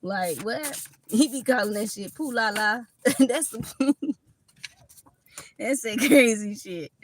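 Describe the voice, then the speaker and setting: Chatty Southern woman with a higher voice. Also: slow pace, slight background noise. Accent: Southern US, Kentucky mixed with Florida. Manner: chatty, laughs often, swears freely. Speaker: tarot reader. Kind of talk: casual tarot reading livestream.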